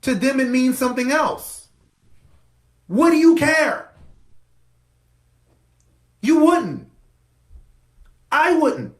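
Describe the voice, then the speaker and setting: Guy with a really high voice ranting hard on his podcast, keeps repeating stuff for emphasis, roomy echo. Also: animated, very slow, pauses often. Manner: impassioned, emphatic, repetitive for effect. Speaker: podcast host. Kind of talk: monologue commentary.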